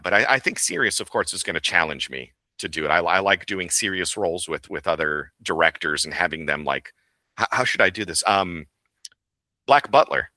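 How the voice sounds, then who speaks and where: A man, a voice actor and director, talking casually in an interview. He is animated, laughs often and slips into voices. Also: low voice, no echo.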